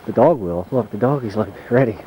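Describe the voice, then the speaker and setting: A man casually narrating his home video on a handheld camcorder as he walks outdoors through deep mountain snow. He talks in a chatty, wry way and curses mildly. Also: animated, brisk, dark tone, a little hiss or hum, poor audio. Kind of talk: casual narration while filming.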